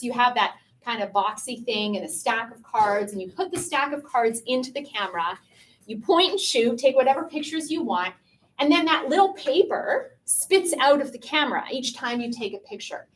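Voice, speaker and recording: Chatty higher-voiced woman giving a talk. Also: normal speed, slight background noise. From Canada. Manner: lively, chatty, asks the audience questions. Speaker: pro-life speaker. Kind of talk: lecture to a student audience. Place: room with a piano and a live audience.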